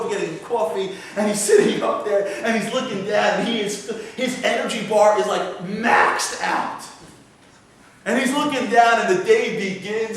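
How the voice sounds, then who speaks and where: A man tells a lively, dramatic story-sermon in a casual, conversational way, throwing rhetorical questions at his listeners. His voice sits a touch high and comes from well away from the mic, washing around a very echoey hall with faint noise beneath. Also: recorded from a distance. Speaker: guest speaker. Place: synagogue sanctuary.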